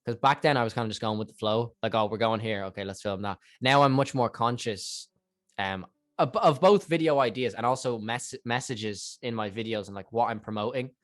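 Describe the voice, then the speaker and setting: A young Irish man in his twenties, a podcast guest, speaks at a medium pitch and a little fast in a dry recording. He tells rambling stories in a casual, animated way, acting out the quotes of what people said.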